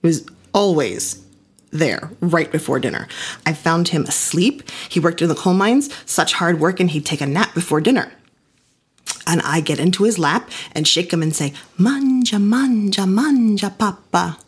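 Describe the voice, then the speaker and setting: Low, husky woman telling a story. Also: lively intonation, moderate pace. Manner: intimate, reflective. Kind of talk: first-person storytelling performance.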